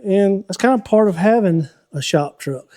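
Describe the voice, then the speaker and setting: A man, hosting a car-building vlog from his shop, chatty and folksy as he thinks out loud while he works. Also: high-pitched, animated, normal speed. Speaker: host of a car-building channel. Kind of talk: casual shop vlog talk to viewers.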